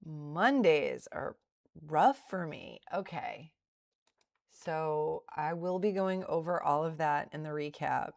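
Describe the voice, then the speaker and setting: A middle-aged woman with a low, creaky voice talks slowly while livestreaming her day trading from a home desk. She reviews her trades aloud in a casual, self-deprecating way.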